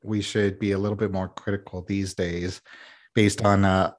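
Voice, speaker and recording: A man co-hosting a podcast in casual chat, tossing in quick questions and dry asides. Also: sits low, little pitch movement. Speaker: podcast co-host.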